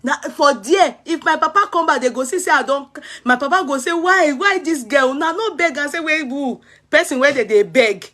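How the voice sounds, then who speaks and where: Nigerian woman, Yoruba accent, high-pitched, comic storytelling, animated. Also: fairly quick. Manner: animated, laughing, acting out childhood crying. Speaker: vlogger.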